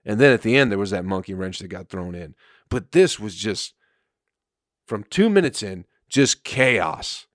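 A man's voice: fairly low pitch, expressive, measured pace, no room sound, studio quality. A man, a comedian and podcast host, telling a rambling, profane story in casual chat with frequent laughter.

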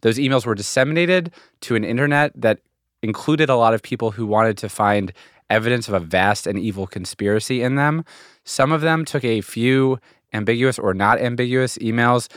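A man's voice: mid-range voice, a little fast, a bit bright, no room sound, studio quality. A man co-hosting a podcast, chatting casually and laughing at himself as he explains things. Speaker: podcast co-host. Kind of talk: casual banter.

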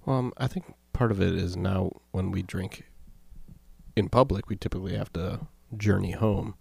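Man, co-host, laid-back chat, dry quips, low voice, gravelly fry. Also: fairly even intonation, moderate pace, darkish tone, no echo. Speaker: podcast co-host. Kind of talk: casual chat.

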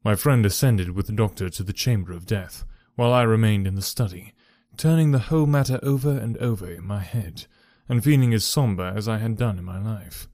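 A man reading a classic detective story aloud in a measured, even way. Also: lowish voice, no echo, clean studio sound. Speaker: audiobook reader. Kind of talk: scripted narration.

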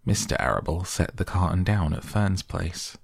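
A man hosting a sleep podcast, reading bedtime stories in a soft, slow, soothing way. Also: low voice, expressive, vocal fry, dry recording, studio quality. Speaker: podcast host and audiobook reader. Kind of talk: softly spoken bedtime story reading.

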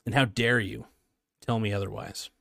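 A man's voice: lowish voice, steady tone, moderate pace, gravelly, fairly bright tone, dry recording, studio quality. A young man hosting his own podcast, chatting casually in a rambling, jokey, self-mocking way. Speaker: podcast host. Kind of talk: casual solo podcast chat.

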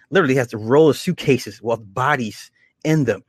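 A man casually retelling horror episodes, slipping into quick acted quotes and chuckles. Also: medium pitch, slightly rough, no echo, studio quality. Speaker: show reviewer.

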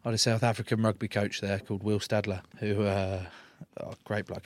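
A man's voice: lowish voice, level tone, fairly quick. A young man, a rugby player chatting in an interview, telling jokey stories with swearing. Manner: jokey storyteller, swears, acts out quotes. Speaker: professional rugby player, guest. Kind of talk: casual interview chat.

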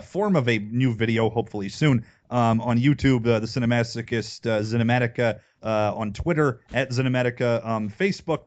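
A man appears as a podcast guest and speaks hesitantly, filling his pauses with ums and uhs. The recording is a bit dull and muffled. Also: medium pitch. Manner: hesitant, many fillers. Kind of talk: casual chat.

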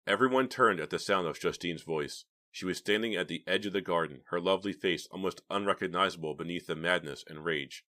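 Deep-voiced male audiobook narrator. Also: fairly quick, few pauses, bright, forceful tone. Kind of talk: scripted narration.

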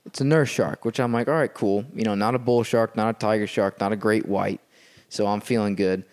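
A man's voice: on the low side, brisk. A man guest on a podcast, telling a story in casual chat and checking in with his listeners as he goes. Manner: animated storyteller who keeps checking in with "okay?". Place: a house.

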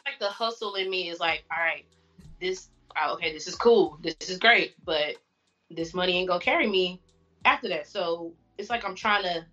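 A fairly low-pitched woman with a bright, forceful edge, chatting candidly as a podcast guest. Her audio sounds dull and lo-fi, with faint music in the background. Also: moderate pace. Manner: candid, chatty, self-reflective. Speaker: guest, fashion stylist. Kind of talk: casual interview chat.

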